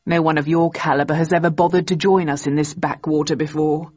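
Woman voicing a hearty old English gentleman. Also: sits low, steady tone, brisk, husky. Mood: cordial. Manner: courteous, old-fashioned formal speech. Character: grey-haired gentleman in his seventies, hearty. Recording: dull, muffled recording.

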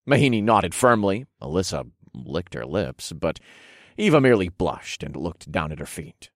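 A man narrating a first-person audiobook story in a slow, deliberate way. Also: deep voice, expressive, no echo, clean studio sound.

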